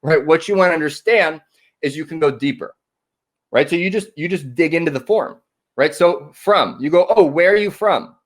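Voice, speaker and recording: A man's voice: a little high, moderate pace. A man giving a motivational talk on connection as a workshop presenter. He ends nearly every sentence with "right?" and acts out short conversations. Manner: acts out small dialogues in shifting voices.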